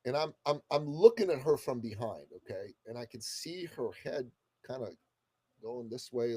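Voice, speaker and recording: A man in his fifties from the Middle East, a guest telling a story in a casual, expressive way and swearing freely. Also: medium pitch, slightly rough. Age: 50s. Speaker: guest entrepreneur. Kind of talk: animated storytelling in conversation.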